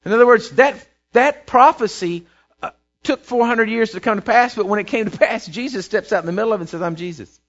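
A man preaching a sermon in a conversational way, checking in with his listeners and dropping to a soft, quiet voice for prayers. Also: high voice, a little fast. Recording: dull lo-fi recording.

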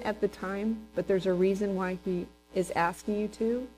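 A woman preaching a sermon, animated and conversational, breaking into high excited voices when she quotes people. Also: moderate pace, slight background noise, poor audio.

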